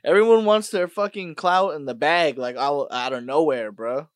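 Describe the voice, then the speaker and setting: A man hosting a podcast, ranting casually and profanely, dropping to mutters and then bursting out loud. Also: on the high side, normal speed, no echo, clean studio sound. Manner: profane, swings between mutters and loud outbursts. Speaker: podcast host. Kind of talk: casual rant monologue.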